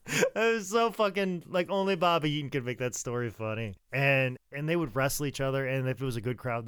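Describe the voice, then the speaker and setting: A man's voice: medium pitch, fairly bright tone, smooth, dry recording. Profane, rambling man telling wrestling stories. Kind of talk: casual storytelling.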